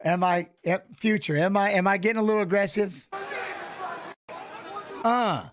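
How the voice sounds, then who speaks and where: High-voiced man rambling through live fight talk. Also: normal speed, crowd noise, noisy background. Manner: animated, rambling, repeats phrases. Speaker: watch-along host, former fighter. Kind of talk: casual live fight commentary.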